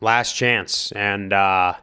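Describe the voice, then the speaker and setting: A man's voice: lowish voice, steady tone, drawn-out words, sharp tone, smooth. A man giving casual spoken fight commentary, thinking aloud and hedging his guesses, then giving direct advice.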